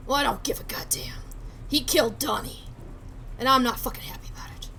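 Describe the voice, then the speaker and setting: A woman voicing a menacing, vengeful male gangster who talks in low, growled threats. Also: fairly quick, sharp tone, in a whisper.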